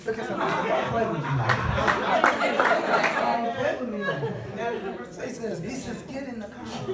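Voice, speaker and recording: A man preaching a story, laughing often and rising to shouts. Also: fairly high pitch, heavy background noise. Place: church. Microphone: far camera. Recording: echoey church from far off, loud congregation.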